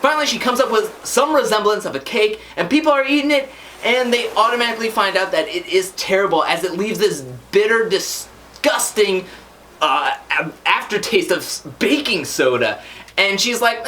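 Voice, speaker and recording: A woman's voice: mid-range voice, animated, moderate pace, a bit bright. A woman talks her way through a reality TV episode in a loose, gossipy recap. She has a mid-range voice and often slips into quoting the cast. A faint hiss runs under the recording. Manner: chatty, gossipy retelling with quoted asides. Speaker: TV recap host.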